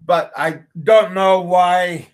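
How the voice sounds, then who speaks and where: A man hosting a casual livestream, reading viewer comments aloud and answering them in a halting way, with frequent repeats and restarts. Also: high-pitched. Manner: slow, chuckling, talks back to chat. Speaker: livestream host.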